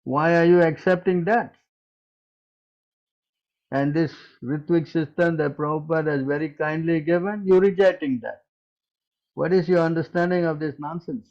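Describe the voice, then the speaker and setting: A man teaching in a question-and-answer session, forceful and scolding, who keeps asking "huh?" and "hello?". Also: a little high, moderate pace, long pauses, lo-fi sound.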